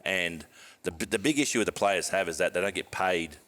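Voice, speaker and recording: A man's voice: deep voice, fairly quick, a bit bright. A middle-aged Australian man hosting a casual podcast, asking chatty questions and laughing easily. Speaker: podcast host. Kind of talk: casual chat.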